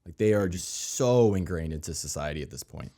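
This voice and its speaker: A very deep-voiced man chats loosely about films, joking and swearing casually. He keeps a laid-back, offhand way of talking. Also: expressive, fairly quick, dark tone. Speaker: podcast co-host. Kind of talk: casual film chat.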